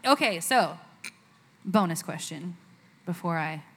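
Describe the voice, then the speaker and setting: A woman's voice: on the low side, expressive, slow pace, fairly bright tone, breathy edge, long reverb tail. A woman putting listener questions to a pastor and answering with short affirmations. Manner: brief affirming replies. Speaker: interviewer asking listener questions.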